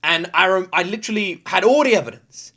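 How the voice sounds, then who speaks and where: Young British male reaction host: excitable, chatty, laughs easily, bright and forceful tone. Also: high voice. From United Kingdom. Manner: excitable and chatty, quick to laugh, filler-heavy. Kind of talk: casual reaction commentary.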